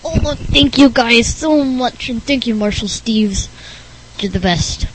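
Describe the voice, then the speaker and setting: A male speaker voicing a nerdy, clingy boy who insists he talks normally, high and strained. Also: slow pace, slight background noise, poor audio. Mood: eager.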